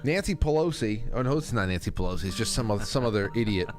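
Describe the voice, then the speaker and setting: A man's voice: fairly low pitch, animated, fast talker, over music. A man hosting a podcast, rambling in casual comedic chat and often breaking into laughter. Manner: rambling, laughing, self-interrupting. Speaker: podcast host.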